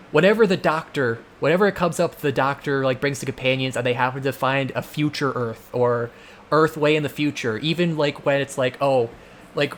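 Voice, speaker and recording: A man with a slightly higher voice chats loosely over his gameplay, stringing thoughts together with plenty of "like" and "you know". His commentary drifts into exasperated rants, and a faint hiss of noise sits under it. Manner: rambling, full of filler words; exasperated ranting. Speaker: let's play host.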